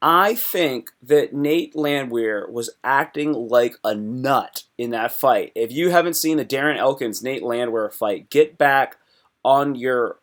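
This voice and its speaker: A man with a slightly high voice runs a live stream where he goes over fights. His talk is loose and excitable, jumping from topic to topic and bursting into abrupt loud yelps.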